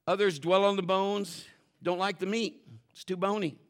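A middle-aged male pastor preaching a sermon, telling family stories in an animated way and acting out the voices of the people in them. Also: high-pitched, moderate pace. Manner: animated storytelling, acts out quotes and shouts for effect.

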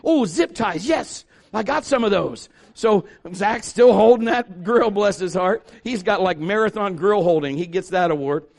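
A man's voice: high voice, normal speed, creaky, hardly any pauses. A middle-aged man, a pastor, preaching a sermon through a folksy, humorous story and acting out the voices of the people in it.

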